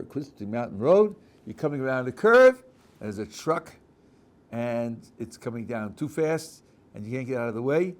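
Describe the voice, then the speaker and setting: A man, a rabbi, teaching a class on religious texts and acting out vivid examples as he goes, often restarting his sentences. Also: mid-range voice. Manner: animated storyteller, acting out scenes, with frequent restarts. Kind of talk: Torah lecture with acted-out examples.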